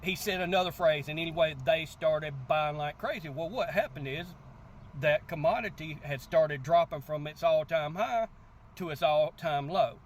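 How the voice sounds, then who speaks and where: Animated man talking crypto outdoors. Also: fairly high pitch, normal speed, slight background noise. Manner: animated storyteller, repeats "guess what" and acts out quotes. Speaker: crypto channel host. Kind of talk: casual motivational talk to camera.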